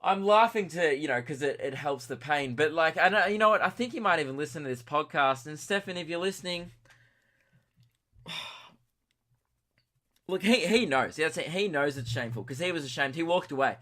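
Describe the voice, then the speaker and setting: Bright-voiced young Australian podcast host. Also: male voice, a little high, moderate pace, pauses often. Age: early 20s. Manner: rambling, self-mocking, excitable. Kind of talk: comic storytelling monologue.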